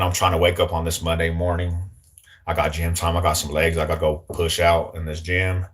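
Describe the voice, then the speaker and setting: Young male streamer, deep low voice, casual and joking, lots of slang, talks straight to chat. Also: monotone, a little fast. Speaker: livestream host.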